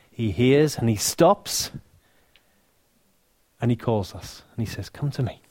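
A man with an English accent preaching a sermon, earnest and warm, dropping to soft, hushed lines for emphasis, with touches of dry humor. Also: medium pitch, dry recording. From England. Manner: earnest, softening to near-whisper on key lines, dry humor.

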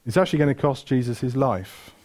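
A man's voice: medium pitch, animated, fast, a little mellow. A man preaching a sermon, retelling stories with energy, asking the room questions and correcting himself mid-flow.

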